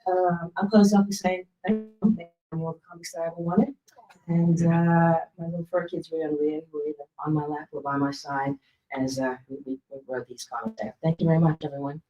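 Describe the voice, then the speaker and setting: Low-voiced woman, thrilled award winner, laughing through her thanks. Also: fairly even intonation, a little fast, muffled recording, music in the background. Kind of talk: acceptance speech. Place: awards ceremony stage.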